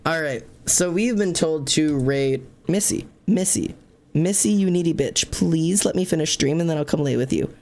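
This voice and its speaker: A man's voice: on the high side, normal speed, creaky, hardly any pauses. A young adult man streaming live from home, chatting casually and rambling jokily with his viewers and his cats.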